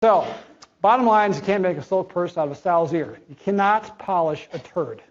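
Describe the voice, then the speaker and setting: A man with a fairly high voice gives a conference talk in a blunt, conversational way, tossing in slangy asides. The audio is dull and lo-fi. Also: expressive, normal speed, slight background noise. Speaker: chief medical officer giving a conference talk.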